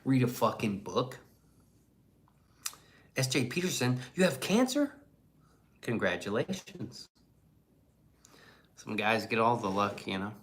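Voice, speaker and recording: A man's voice: medium pitch, sing-song, takes it slowly, long pauses, fairly bright tone. A man hosting a casual livestream and reading the chat aloud, in a blunt, profane and rambling way.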